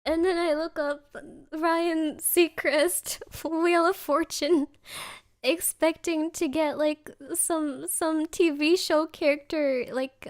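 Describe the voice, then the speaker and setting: A woman from Germany, a streamer in casual chat who keeps breaking into laughter. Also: high-pitched. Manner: giggly, often breaking into laughter.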